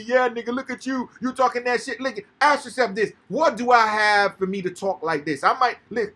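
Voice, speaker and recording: A man's voice: sits high, sharp tone, breathy edge. A young man talking heatedly and profanely in a casual podcast chat, preaching to his listeners. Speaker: podcast co-host.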